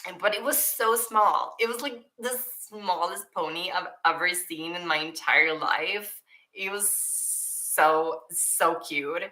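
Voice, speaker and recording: Soft-paced bright young woman. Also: fairly low pitch, takes it slowly, rough recording. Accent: Swedish. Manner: emotional, giggly, many likes and ums. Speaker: YouTuber answering viewer questions. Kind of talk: casual Q&A chat.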